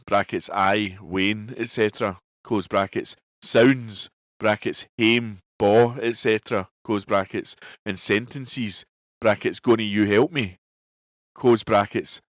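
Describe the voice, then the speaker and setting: A Scottish man with a lowish voice reads newspaper articles aloud at a steady, careful pace. The recording is close and dry, with no room sound. He reads every word plainly, brackets included. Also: no room sound. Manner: steady, careful reading, reading out punctuation. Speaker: volunteer newspaper reader.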